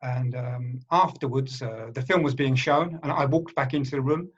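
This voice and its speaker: A man's voice: medium pitch, normal speed, slightly rough, highs cut off. A British man and trainer telling a story in a group video call, hesitant with many restarts. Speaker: workshop participant, trainer and coach. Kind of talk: casual group discussion.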